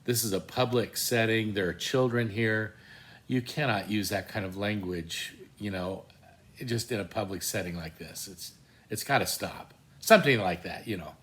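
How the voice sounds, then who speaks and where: A man's voice: fairly low pitch, moderate pace, a bit bright, slight background noise. Older man telling a wry story. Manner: wry, self-deprecating, many fillers and restarts. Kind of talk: casual anecdote.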